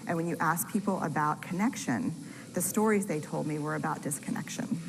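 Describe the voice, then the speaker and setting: A woman researcher speaks to an audience in a candid, self-deprecating storytelling manner. Her voice sits a little low. It carries long hall reverb with steady noise underneath. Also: brisk, vocal fry. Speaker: researcher and storyteller giving a talk. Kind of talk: public talk to an audience.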